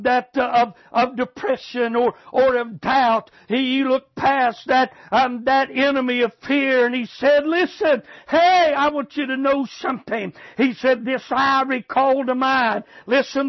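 High-voiced fervent male preacher. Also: no echo, muffled recording. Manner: fervent, repeats phrases, frequent filler sounds. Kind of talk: sermon.

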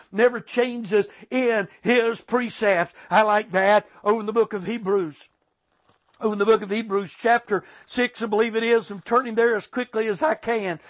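A man's voice: sits high, highs cut off. A man preaching a sermon with fervent, repetitive, emphatic delivery.

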